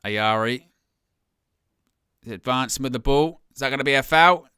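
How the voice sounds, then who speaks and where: Excitable man, bright crisp voice. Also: medium pitch, normal speed, dry recording, studio quality. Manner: excitable, jumps to loud shouts at chances then drops to quiet asides. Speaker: fan watch-along host. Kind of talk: live fan match commentary.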